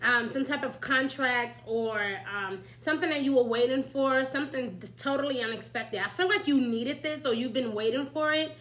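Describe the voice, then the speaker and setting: A woman's voice: high-pitched, normal speed, hardly any pauses, fairly bright tone, poor audio. A woman giving casual, chatty spiritual advice as an astrology reader, often asking "right?" and "you know?" and laughing lightly. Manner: laughs lightly while talking.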